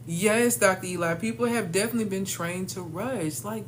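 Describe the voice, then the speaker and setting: A woman's voice: medium pitch, normal speed, a little hiss or hum. A woman coach giving a casual motivational training talk, emphatic and slangy, calling her listeners "y'all" and "baby". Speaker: leadership coach for women.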